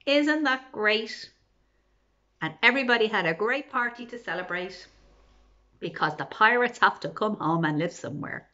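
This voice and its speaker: A woman's voice: medium pitch, animated, normal speed, sharp tone. A woman, a children's librarian, reading a picture book aloud in a playful way. She asks the listeners questions and drops to whispers. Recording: slightly dull lo-fi recording.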